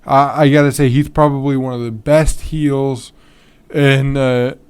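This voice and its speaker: A man's voice: mid-range voice, steady tone, a little slow, clean tone. A man hosting a podcast on his own in a casual, rambling way, full of ums and restarts, yawning and tired. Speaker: podcast host. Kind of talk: casual solo podcast talk.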